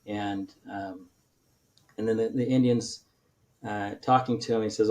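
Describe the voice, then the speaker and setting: Low-voiced man, halting and rambling. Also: fairly even intonation, dark tone. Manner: rambling retelling with many restarts and fillers. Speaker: author guest. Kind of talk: casual podcast interview.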